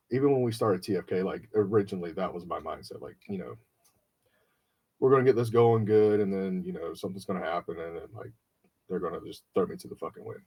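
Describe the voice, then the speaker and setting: A man's voice: low-pitched, warm tone, breathy edge. A man hosting a podcast, telling an emotional story in casual, profane chat and acting out his friends' voices. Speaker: podcast host.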